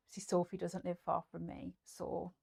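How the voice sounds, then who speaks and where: A chatty woman with a Geordie accent hosts a relaxed sewing live stream, rambling through viewer comments with plenty of ums and restarts. Her voice sits a little low, and she often drops to a soft near-whisper. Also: takes it slowly, gravelly, husky. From North East England.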